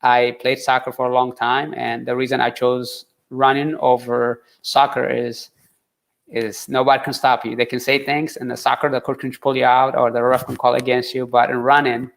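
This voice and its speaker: A man telling his story in an interview, earnest and halting, with many fillers and restarts. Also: medium pitch, level tone, creaky. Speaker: interview guest, marathon runner. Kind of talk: conversational interview.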